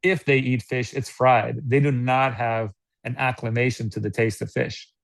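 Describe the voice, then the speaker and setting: An American man giving casual sales coaching, animated, laughing often and acting out customer dialogues. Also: mid-range voice, moderate pace, creaky, no room sound. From United States. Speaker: network marketing guest.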